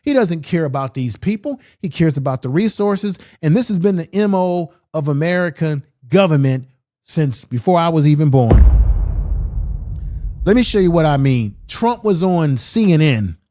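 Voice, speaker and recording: A man's voice: on the high side, expressive, normal speed, dark tone. A man giving opinionated political commentary with emphatic delivery and repeated rhetorical questions.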